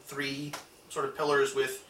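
A man narrating a tabletop game as game master, describing scenes slowly with many pauses and fillers. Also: medium pitch, monotone, sharp tone, slight background noise. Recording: echoey room, far from mic.

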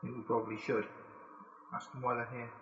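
A man's voice: medium pitch, level tone, fast, dull audio, background noise. Tabletop player man in an echoey room. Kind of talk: casual tabletop play.

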